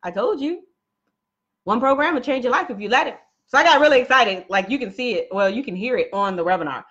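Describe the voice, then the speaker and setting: A woman's voice: on the high side, expressive, fast, fairly bright tone, dull audio. A woman coaching viewers on a casual live stream, chatty and laughing often, talking straight to her audience.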